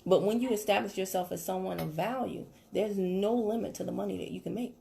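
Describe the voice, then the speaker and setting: Gravelly, animated woman coach. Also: mid-range voice, fairly quick. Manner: animated, laughing, acts out quotes. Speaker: business coach. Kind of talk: coaching call.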